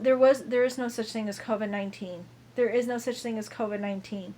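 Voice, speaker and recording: A woman's voice: fairly high pitch, fairly even intonation, a little fast, few pauses, warm tone. A woman ranting to camera in a heated, profane monologue, repeating herself over and over.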